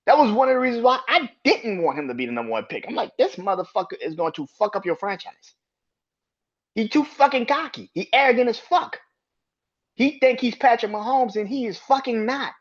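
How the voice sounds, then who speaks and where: A man's voice: very high-pitched, sing-song, brisk, highs cut off. A man hosting a solo sports podcast, ranting with heated profanity and arguing back at imagined critics. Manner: emphatic, argues with imagined critics.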